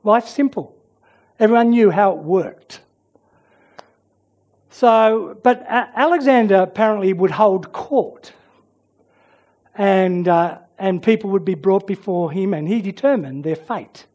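A preacher giving a sermon and prayer who tells stories dramatically, swinging from loud emphasis to soft near-whispers. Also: medium pitch, unhurried, pauses often.

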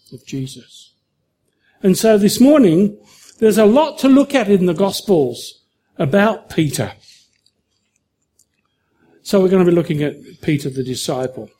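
A man's voice: fairly high pitch, warm tone. A man preaching a sermon, telling a story in an earnest way with small restarts.

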